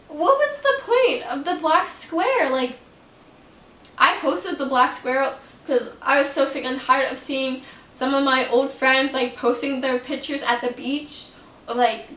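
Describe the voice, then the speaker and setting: A woman's voice: high voice, fairly bright tone, echoey room, recorded from a distance, low-quality recording. A young woman vlogging about her own story, fervent and passionate, with lots of "like" fillers. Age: young adult. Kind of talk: personal storytelling vlog.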